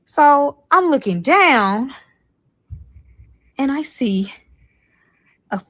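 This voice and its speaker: A woman's voice: sits high, drawn-out words. A young woman telling a profane story in a casual story-time video, and acting out what the other people said. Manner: animated, profane, acts out the other people's lines. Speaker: storyteller in a played clip.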